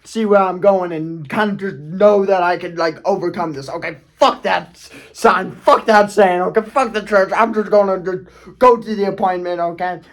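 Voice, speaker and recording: In a casual storytelling vlog, a man with a high voice talks at a normal speed about something that happened to him. The YouTuber wanders off track, restarts sentences, curses, and repeatedly asks "okay?"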